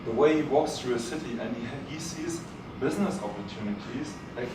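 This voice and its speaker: A man hosting a live event, speaking to the audience in a halting way with many fillers. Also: medium pitch. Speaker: event host. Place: event hall. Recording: very echoey hall, mic far off, noisy.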